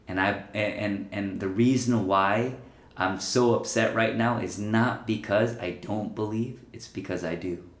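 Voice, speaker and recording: Low-voiced pastor guy preaching, earnest, soft trailing endings, echoey room. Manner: earnest, pleading emphasis with soft trailing phrase ends. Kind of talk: sermon. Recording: roomy echo.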